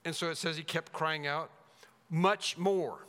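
A man preaching an expository sermon as pastor, emphatic, rising loud then dropping to a hush. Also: a little high, completely flat delivery, fairly quick, clean tone. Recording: long reverb of a large hall.

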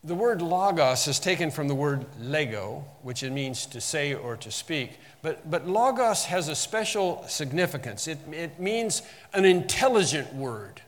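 A man's voice: on the high side, very animated, a little slow. Man preaching in a reverberant hall. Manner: teaching, repeats and restarts phrases, emphatic quoting of verses. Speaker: Bible teacher. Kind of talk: sermon.

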